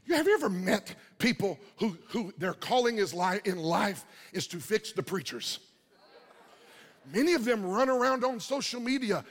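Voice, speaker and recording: A pastor delivering a dynamic sermon, swinging from loud shouting to quiet murmurs. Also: male voice, sits high, animated, normal speed, husky. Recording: long hall reverb.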